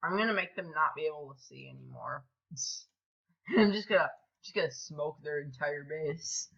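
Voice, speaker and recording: A young male gaming host giving casual commentary while he plays, excitable, with yelps and groans, then mumbled asides under his breath. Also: on the high side, normal speed, gravelly, poor audio.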